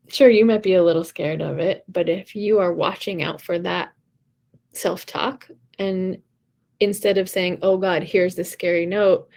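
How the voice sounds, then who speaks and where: A woman vocal coach giving a casual, encouraging live talk, chatty and quick to laugh. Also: mid-range voice, vocal fry.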